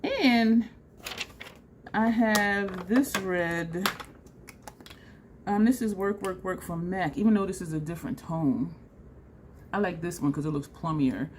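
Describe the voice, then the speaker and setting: A woman vlogging a makeup tutorial in a chatty, excitable way, talking straight to her viewers. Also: on the low side, takes it slowly, pauses often, slight background noise. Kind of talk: casual makeup tutorial chat.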